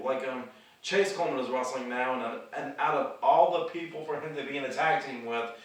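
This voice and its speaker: A young man talks straight to the camera about his own plans in a loose, rambling way, often repeating words before he gets going. His voice sits at an ordinary pitch for a man and comes from some distance off the mic. The room around him rings with a lot of echo. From the Carolinas. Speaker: independent wrestler and vlog host. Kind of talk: casual rambling monologue.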